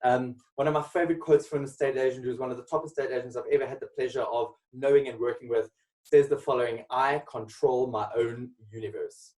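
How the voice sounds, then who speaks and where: A man's voice: medium pitch, steady tone, quick pace, dark tone, distant mic, low-quality recording. A man giving an emphatic motivational webinar talk full of rhetorical questions. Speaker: motivational speaker. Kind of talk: webinar presentation.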